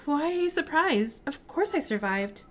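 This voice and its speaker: A woman's voice: sits high, sing-song, normal speed. A woman voicing a wounded, stubborn young heroine. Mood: guarded.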